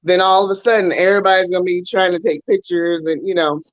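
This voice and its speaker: Woman co-host, chatty storyteller, animated, dry lo-fi studio sound. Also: on the low side, fast, dry recording. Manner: animated storyteller, acts out voices in quotes. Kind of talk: casual storytelling chat.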